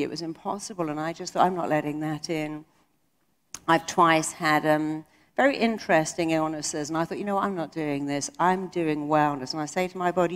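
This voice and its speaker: A middle-aged woman speaks in a motivational talk, her voice sitting fairly low. She drives her points home emphatically and slips into quoted voices. The sound rings with the long reverb of a large hall. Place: conference hall.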